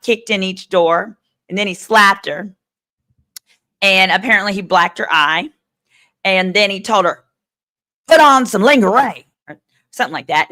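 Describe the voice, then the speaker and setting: On her live stream, a woman attorney talks right to her viewers, giving legal commentary with plenty of sass and animation. Her voice sits in the mid-range.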